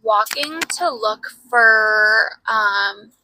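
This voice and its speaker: A woman's voice: fairly high pitch, extremely slow, bright, forceful tone, slight background noise, poor audio. A young woman co-hosting a podcast, telling a story in casual chat, full of "like" and swearing freely. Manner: chatty storyteller, heavy use of "like", swears freely. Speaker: podcast co-host.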